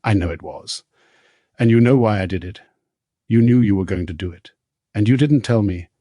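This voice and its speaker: Husky man doing an angry young woman, sharp and accusing, storybook reading. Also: lowish voice, normal speed, dry recording, studio quality, close to an everyday voice. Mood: shaken.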